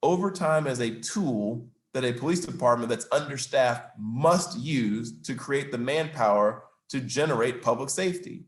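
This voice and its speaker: A man's voice: medium pitch, lively intonation, moderate pace, few pauses. A man speaking as a city mayor at a business event, answering questions in an emphatic, argumentative way and stressing facts and figures. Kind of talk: public Q&A answer. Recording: roomy, echoey room.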